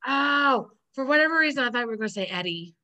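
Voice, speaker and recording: A woman in casual chat as co-host, reacting quickly and laughing often. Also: sits high, lively intonation, bright, forceful tone, highs cut off.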